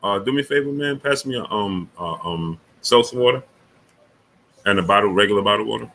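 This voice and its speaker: A man's voice: on the low side, fairly quick, creaky, fairly bright tone, slight background noise. A man hosting a casual sports livestream, greeting viewers by name one after another, with many fillers and repeats. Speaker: livestream sports show host. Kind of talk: casual live chat reading viewer names.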